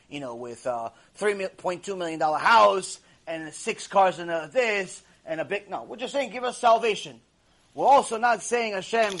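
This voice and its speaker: A man teaching a Torah class to a live audience, telling stories in an animated way and using many Hebrew terms. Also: high voice.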